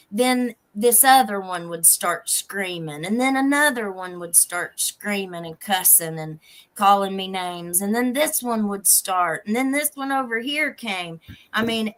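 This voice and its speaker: A woman hosting a show, telling her own stories in a plain, unhurried way as she comments on a clip. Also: a little high, a bit bright. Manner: slow, plainspoken storytelling. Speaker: host. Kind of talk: casual commentary on a video clip.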